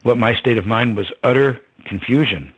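An older man as an interview guest, telling a personal story in a reflective way, chuckling now and then and pausing on fillers. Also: mid-range voice, slightly rough, muffled recording.

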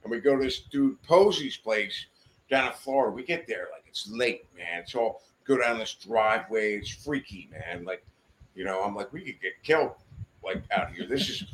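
A man telling a wild story as a podcast guest in a studio, profane and animated, acting out every voice. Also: medium pitch, moderate pace, a little hiss or hum. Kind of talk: casual storytelling.

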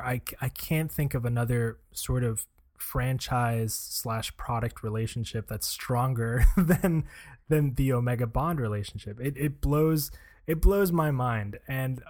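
A man's voice: mid-range voice, slow pace, darkish tone. A man in casual chat, easygoing and detail-minded, with plenty of fillers.

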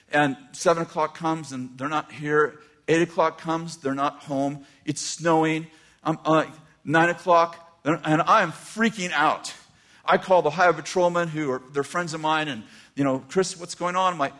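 An older man preaching a sermon, telling a personal story with animated swings from hushed asides to near shouts. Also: on the high side. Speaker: pastor.

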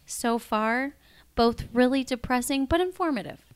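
A woman co-hosting a podcast, chatting casually and telling stories in an animated, giggly way. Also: high-pitched, measured pace, clear, resonant tone. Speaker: podcast co-host. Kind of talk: casual chat.

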